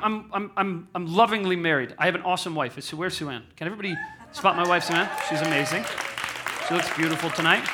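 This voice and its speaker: High, bright-voiced man joking with audience. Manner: self-deprecating, animated, asks the audience questions. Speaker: speaker at a live event. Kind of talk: candid, humorous talk to an audience.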